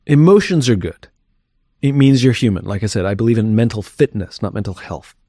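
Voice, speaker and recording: A man's voice: lowish voice, expressive, a little fast, warm tone, no room sound, studio quality. A man talking candidly as an interview guest, reflective and thinking aloud as he goes.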